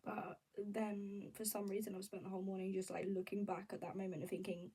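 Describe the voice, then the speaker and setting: Breathy young woman chatting. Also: mid-range voice, fairly quick, recorded from a distance, low-quality recording. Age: young adult. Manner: candid, rambling and animated. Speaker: vlogger. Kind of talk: casual chat.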